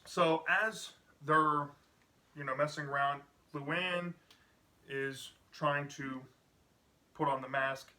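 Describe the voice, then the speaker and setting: Bright-voiced man rambling through a plot recap. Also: a little high, fairly even intonation, slow, long pauses. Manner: rambling, many "you know" fillers. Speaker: book reviewer. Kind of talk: casual plot summary.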